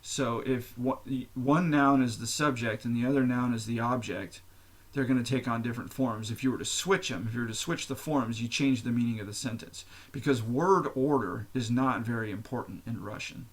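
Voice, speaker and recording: A man's voice: medium pitch, moderate pace. A man hosting his own podcast, talking alone in a candid, profane, rambling way. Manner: candid and profane, explains at length with fillers. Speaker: podcast host. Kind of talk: casual solo monologue.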